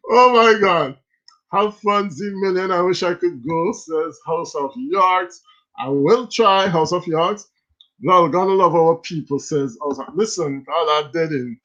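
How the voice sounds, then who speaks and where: A man's voice: high voice, slow pace, sharp tone. A Jamaican man hosting a casual stream, telling stories in patois and laughing often. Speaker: livestream host. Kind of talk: casual storytelling. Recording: slightly dull lo-fi sound.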